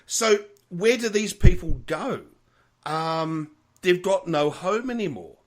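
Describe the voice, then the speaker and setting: A middle-aged man co-hosting a podcast in casual chat, frank and animated, swearing freely and laughing often. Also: high voice, slow pace. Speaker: podcast co-host.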